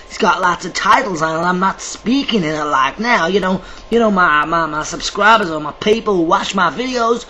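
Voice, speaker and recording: Man, vlogger, bright tense voice, rambling chatty monologue, theatrical. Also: sits high, a little hiss or hum, low-quality recording. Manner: theatrical, self-described dramatic, chatty. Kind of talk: rambling casual monologue to camera.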